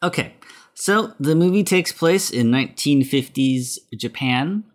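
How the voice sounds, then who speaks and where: A man's voice: on the high side, lively intonation, measured pace. A man hosting a casual podcast, recapping a film plot in a rambling way with many fillers. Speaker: podcast host.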